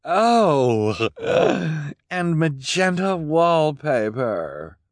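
A man's voice: medium pitch, very animated, slow, no room sound, studio quality, pitched above the performer's own voice. Man putting on a drawling vain society lady. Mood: airy, vain. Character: vain fashion-obsessed rich woman.

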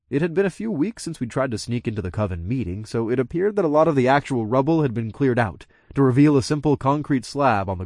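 Male narrator, casual and wry, mid-pitched, dry close-mic audiobook read. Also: darkish tone, no echo. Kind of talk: first-person audiobook narration.

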